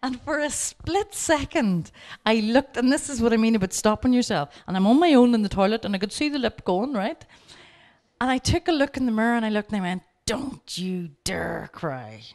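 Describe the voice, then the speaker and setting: A woman speaking at a workshop, telling lively stories and coaching her audience directly. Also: fairly high pitch, brisk. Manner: lively anecdotes, acting out both sides of the dialogue. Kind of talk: storytelling lecture.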